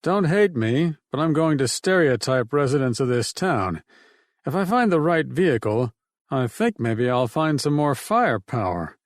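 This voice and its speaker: A man's voice: medium pitch, sing-song, moderate pace, dry recording, studio quality, lightly acted. Man doing a blunt, wry survivor. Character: gruff practical man, dry humor. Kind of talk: audiobook narration.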